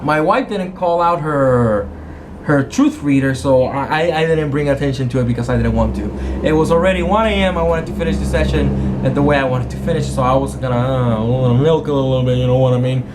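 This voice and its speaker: Guy gm recapping his game night, mid-pitched, rambly, keeps correcting himself. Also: brisk, background noise. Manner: rambling, self-correcting storyteller who acts out quotes. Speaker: game master. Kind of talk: casual retelling of a tabletop game session.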